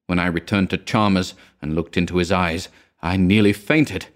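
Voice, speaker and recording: A man narrates a story in a measured, grave way, with a somewhat low voice. He keeps a slow, deliberate storytelling tone. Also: fairly even intonation. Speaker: reader.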